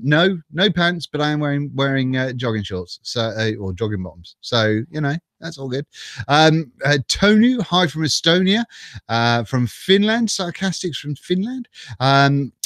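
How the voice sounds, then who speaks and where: Middle-aged man, chatty live-stream host, slightly high voice, dry webcam sound, self-mocking. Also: a bit bright, dry recording. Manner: chatty, self-mocking, laughs often, greets viewers by name. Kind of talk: casual live stream chat. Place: home.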